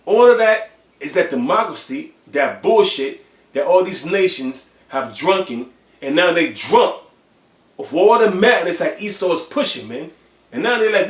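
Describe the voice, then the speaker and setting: A man preaching in a fiery, emphatic way, with a fairly high voice. He is blunt and profane, and he keeps tagging his lines with "man." The sound is roomy, with plenty of echo around him. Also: animated, unhurried. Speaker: preacher on a livestream. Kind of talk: impassioned religious preaching. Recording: echoey room.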